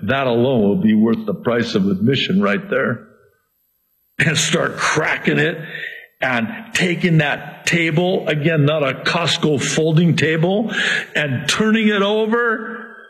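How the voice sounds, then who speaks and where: A man preaching a sermon as pastor, breaking into shouts and then slowing for emphasis. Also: medium pitch. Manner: preaching with sudden shouts and slow drawn-out emphasis.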